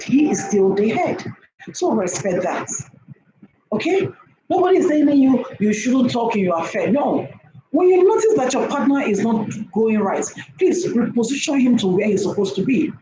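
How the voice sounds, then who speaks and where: A mellow, fairly high-pitched woman's voice lectures women on relationships in an echoey room with faint background noise. She's forceful, says things more than once, and frequently checks in with "okay?"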